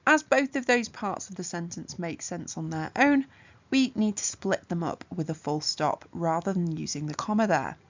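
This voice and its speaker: A woman teaching an exam revision lesson, explaining punctuation rules clearly and methodically with examples. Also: fairly low pitch, animated, moderate pace, lo-fi sound. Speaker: English tutor.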